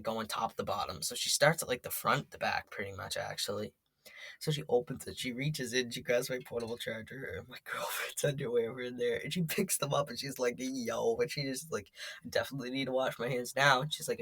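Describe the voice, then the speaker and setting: Teen boy vlogger, rambling and sweary, crisp close sound, no room. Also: mid-range voice, a bit bright, no echo. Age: teens. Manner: rambling, heavy on fillers and swearing. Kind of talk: casual storytelling.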